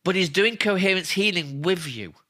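A man's voice: sits high, expressive, normal speed, bright, forceful tone. A man telling personal stories as an interview guest, earnest and emphatic, often repeating himself for stress. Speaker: interview guest, spiritual healer. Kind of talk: emotional personal storytelling.

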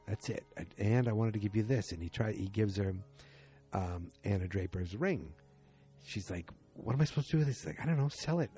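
A man's voice: on the low side, mellow. A man casually recapping a TV episode at home, rambling and acting out the characters' lines in a raised voice. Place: at home with the episode playing behind.

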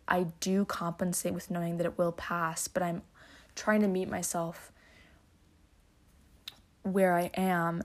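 A young woman hosts a podcast, mixing passages read from a book with her own loose reflections. Her voice sits low and stays fairly level in pitch. She rambles and corrects herself as she thinks aloud. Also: darkish tone. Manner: rambling, thoughtful, with fillers and self-corrections. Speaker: podcast host reading a book. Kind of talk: casual reflective reading and chat.

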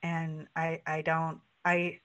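A woman hosting a casual podcast chat with a lowish but bright, forceful voice. She talks in an earnest, searching way, full of "like" fillers, and jumps up in pitch whenever she quotes herself or others. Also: monotone, slow, poor audio. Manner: earnest and searching, many "like" fillers, voice rising when quoting herself. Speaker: podcast host.

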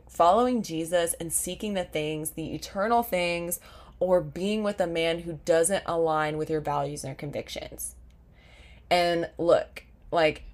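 A young woman hosting a faith podcast, talking in an earnest, heartfelt and casual way with lots of fillers. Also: low-pitched. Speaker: podcast host. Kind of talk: faith-based podcast talk.

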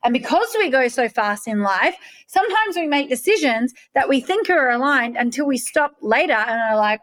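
Aussie woman coach telling a story, blunt and emphatic, voice a bit high, swears casually. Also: animated, normal speed, hardly any pauses, fairly bright tone. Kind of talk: personal storytelling monologue.

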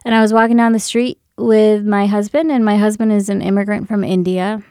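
A woman's voice: medium pitch, flat delivery, brisk, mellow, clean tone, dry recording, studio quality. A woman and military veteran telling a personal story candidly, swearing freely and laughing as she goes.

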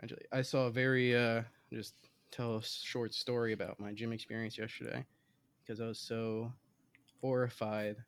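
A man with a medium-pitched voice tells a rambling, self-deprecating story in casual podcast chat. He doubles back on himself as he talks. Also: flat delivery, normal speed, clean tone.

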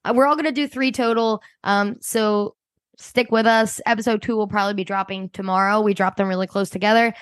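A woman's voice: medium pitch, fairly even intonation, a little fast, no room sound. A woman from the Philadelphia suburbs hosting a podcast, chatting casually and swearing now and then. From Delaware County, Pennsylvania. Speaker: podcast host.

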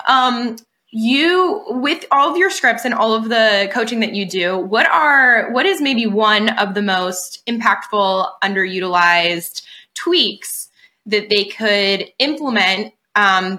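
A woman's voice: medium pitch, a little slow, sharp tone. A woman hosting a podcast interview, asking rambling questions in a casual way with many fillers. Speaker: podcast host.

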